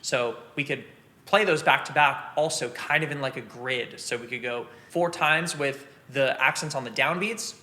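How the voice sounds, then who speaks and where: Man teaching drums over loud drumming. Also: medium pitch, normal speed. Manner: explains step by step, counts beats aloud. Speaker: drum teacher. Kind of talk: casual instructional talk. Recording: loud drum and click noise behind. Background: snare drumming and metronome clicks.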